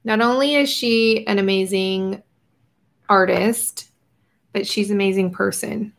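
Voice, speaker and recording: A young woman hosting an art journaling livestream, chatting casually with viewers while she paints and sometimes trailing off into quiet murmurs. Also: mid-range voice, steady tone, a little slow, vocal fry. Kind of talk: casual live crafting chat.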